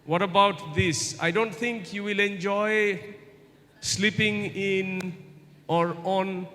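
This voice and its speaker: A man's voice: sits high, steady tone, pushed and bright, slight background noise. A man giving an informal guest lecture to university students, coaxing answers with repeated questions. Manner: interactive, keeps asking the audience questions; slow, deliberate delivery with repetitions. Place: large university hall. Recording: long hall reverb.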